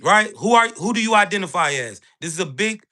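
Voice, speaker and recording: A man's voice: sits high, animated, a little fast, bright, forceful tone. A man hosting a motivational livestream, talking bluntly in street slang with lots of profanity and checking in with "right?" over and over. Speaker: livestream host.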